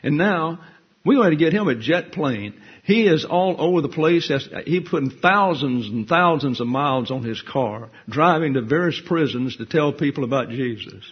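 A man's voice: a little high, animated, normal speed, breathy edge, muffled recording. A man preaching a folksy, humorous sermon as a pastor teacher, with joking asides. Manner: humorous, conversational, self-deprecating asides.

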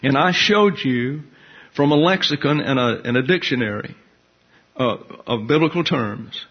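A man's voice: on the high side, slightly rough, dull audio. A man teaching a Bible class in a conversational way, asking his listeners questions as he explains.

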